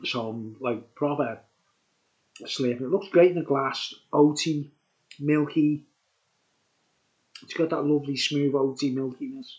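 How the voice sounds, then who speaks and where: A man's voice: medium pitch, steady tone, measured pace, pauses often, darkish tone, dull audio. A tipsy man rambling through a casual beer review, chuckling often and dropping conspiratorial asides.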